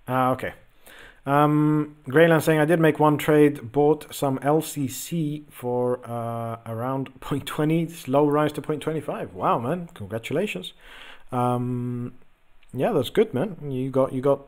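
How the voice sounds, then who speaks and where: A young man in casual host mode, riffing on trading charts and answering viewers. His voice sits at an everyday middle pitch, and he keeps it loose, with frequent ums and uhs as he thinks aloud. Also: measured pace, darkish tone. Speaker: host of a crypto trading channel. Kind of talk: casual chart commentary, reading viewer messages.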